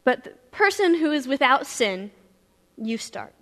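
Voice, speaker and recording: A woman voicing a calm, gentle male teacher who speaks in a soft, tender way, in a reverberant hall. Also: sits high, a little slow, full character voice.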